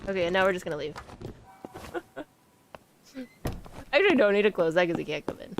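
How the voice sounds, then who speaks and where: A woman with a lowish, very animated voice streams a horror game at a brisk pace over a noisy background with game music. Her casual commentary is chatty, giggly and rambling, full of fillers and frequent laughter.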